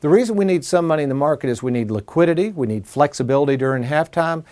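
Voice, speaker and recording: A man's voice: a little high, lively intonation, fast talker, a little mellow. A man hosting a finance show, explaining retirement math at a whiteboard in a folksy way, calling his audience folks and asking rhetorical questions. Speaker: financial advisor and show host.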